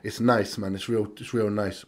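A man's voice: on the low side, level tone, normal speed. Earnest British man reacting to music. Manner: earnest, reflective, repeats phrases for emphasis. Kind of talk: casual reaction commentary.

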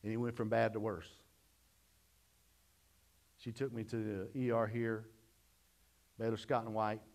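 A middle-aged man preaching a sermon, telling a personal story in a folksy way and swinging from loud to hushed. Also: on the low side, flat delivery, measured pace. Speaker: pastor.

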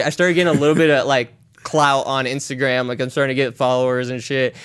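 A man in his thirties telling a story as a podcast guest, animated and swearing constantly while acting out quotes. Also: medium pitch, a little fast, few pauses, smooth. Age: 30s. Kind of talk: casual storytelling.

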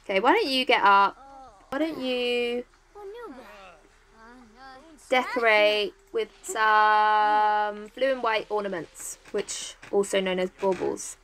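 An English woman chatting excitedly as she plays a life-sim game, cheering on and coaxing her characters. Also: mid-range voice, slow pace, pauses often. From England. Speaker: gaming YouTuber. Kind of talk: casual let's-play commentary. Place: home, top-floor flat.

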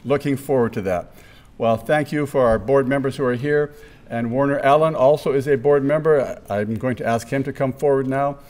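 A man opens a chamber of commerce forum from the front of a meeting room. He thanks the sponsors and greets guests by name in a friendly, informal way, his pitch sitting in the middle range. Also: brisk, darkish tone. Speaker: chamber of commerce event host. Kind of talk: welcoming remarks at a business forum.

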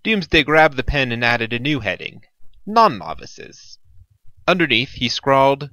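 A man narrating a science fiction story in a measured, wry storytelling manner. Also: mid-range voice, sing-song, bright, forceful tone, dry recording. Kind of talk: audiobook narration.

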